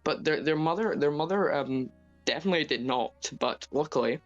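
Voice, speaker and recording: A man's voice: fairly high pitch, moderate pace, highs cut off, faint music behind. A man with a Scottish accent, hesitant and stammering, making a comedic mock confession over a voice call. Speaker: caller confessing.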